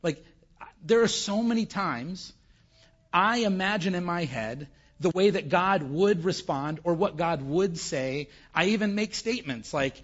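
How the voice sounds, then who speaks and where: High-voiced male preacher, conversational. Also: lively intonation, normal speed, a bit bright, slightly rough. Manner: conversational, asks the audience questions. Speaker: pastor. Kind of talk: sermon. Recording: dull lo-fi recording.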